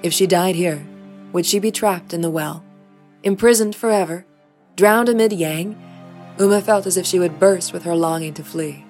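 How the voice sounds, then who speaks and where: A woman narrating her own fantasy story in a measured, expressive storybook reading. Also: fairly low pitch, faint music behind. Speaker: author and narrator.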